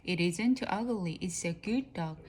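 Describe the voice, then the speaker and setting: Woman reading as a gentle older wood carver. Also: on the low side, expressive, measured pace, husky. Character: kind older man, famous wood carver.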